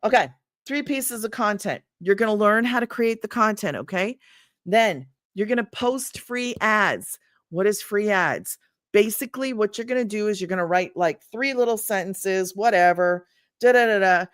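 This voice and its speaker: A woman's voice: medium pitch, normal speed, no echo. Chatty woman coaching online, dry close sound. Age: middle-aged. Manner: chatty, easily sidetracked, laughs often. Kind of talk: casual livestream teaching. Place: home room.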